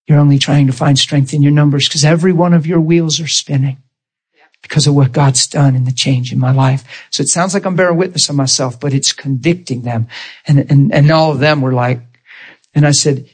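A man, a pastor, telling a personal testimony in a sermon, animated and leaping into high excited exclamations. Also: brisk, husky. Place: church sanctuary.

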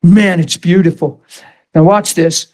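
A man preaching a sermon, telling stories with passion, repeating himself and breaking into shouts. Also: sits high, fairly even intonation, a little slow. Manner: passionate, repetitive storytelling with bursts of shouting.

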